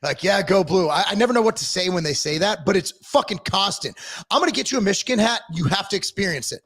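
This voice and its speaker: A man ranting casually on a podcast livestream, profane and animated as he tells stories. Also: high-pitched, fast, breathy edge. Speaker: podcast co-host. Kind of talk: casual political rant.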